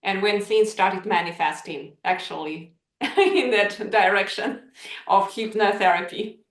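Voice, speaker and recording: A woman's voice: medium pitch, lively intonation, measured pace. A woman hosting a podcast, asking thoughtful, searching questions with some fillers. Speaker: podcast host. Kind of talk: interview questions. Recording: echoey room.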